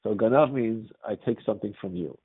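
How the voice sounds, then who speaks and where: A man with a voice on the low side and a breathy edge talks briskly while teaching religion to a class. He keeps the lecture conversational, frequently checking in with "right?", and the recording has a tinny, phone-like quality.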